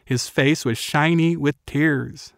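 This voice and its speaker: A man narrating a novel in a measured, quiet storytelling manner. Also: fairly high pitch, fairly even intonation, vocal fry, dry recording, studio quality. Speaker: audiobook narrator. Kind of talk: scripted narration.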